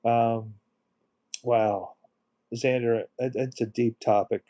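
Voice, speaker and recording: Middle-aged male live stream host; warm low-key tone, emotional, reads viewer comments aloud. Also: little pitch movement, slow pace. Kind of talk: casual live stream chat.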